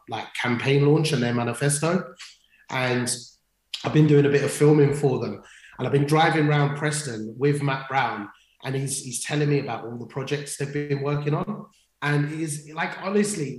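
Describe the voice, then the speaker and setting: A man co-hosting a livestream, telling stories in casual chat, full of restarts and fillers. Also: medium pitch. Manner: chatty storyteller, many restarts and fillers. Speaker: livestream co-host. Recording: roomy echo.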